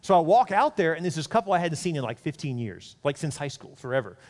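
Fast-talking pastor telling a story. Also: male voice, fairly high pitch, long reverb tail. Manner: animated storyteller acting out quoted voices. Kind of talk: sermon storytelling.

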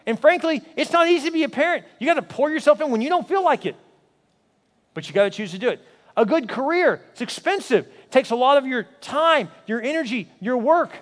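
A man preaching a sermon as pastor, telling a story and then building up with emphatic repeated rhetorical questions. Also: very high-pitched. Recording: hall reverb.

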